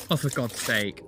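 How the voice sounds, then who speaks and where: A young man hosting a reaction video, reacting to clips in casual commentary with animated, disgusted exclamations. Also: on the high side, slight background noise.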